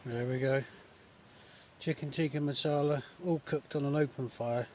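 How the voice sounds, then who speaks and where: A man talking casually in a relaxed, chatty way with many fillers, filming a vlog at a woodland camp outdoors. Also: mid-range voice, normal speed. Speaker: vlogger. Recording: outdoor recording with faint nature noise.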